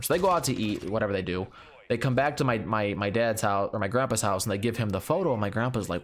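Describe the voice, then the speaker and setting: A man spins a story in a casual, rambling way with plenty of swearing and fillers. His voice sits on the low side. There is a faint layer of noise behind him. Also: expressive, fast talker. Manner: rambling, profane, lots of fillers. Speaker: gaming channel host. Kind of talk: casual storytelling over gameplay.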